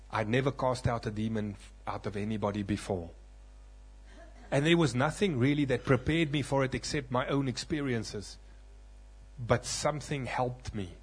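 A male preacher giving a sermon testimony, telling his story dramatically and acting out voices, swinging from loud bursts to hushed moments. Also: mid-range voice, husky.

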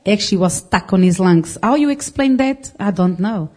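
A woman's voice: medium pitch, expressive, normal speed, mellow. A woman giving a personal testimony in church, telling it earnestly with frequent restarts and loose phrasing. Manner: earnest storytelling with restarts, non-native phrasing. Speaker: congregation member giving testimony.

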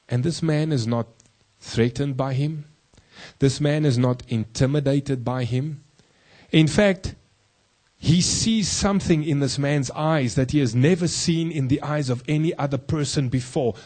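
Husky pastor guy preaching, lots of rhetorical questions, emphatic. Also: dark tone. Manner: emphatic, rhetorical questions to the congregation, slows and drops low for key points. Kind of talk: sermon.

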